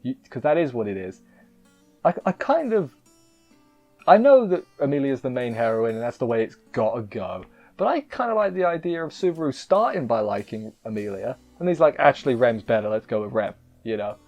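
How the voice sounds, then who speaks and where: A man's voice: medium pitch, big pitch swings, moderate pace, warm tone, highs cut off, faint music behind. A man reviewing an anime episode in casual chat, rambling and emotional, often cutting himself off mid-sentence. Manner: emotional, rambling, self-interrupting.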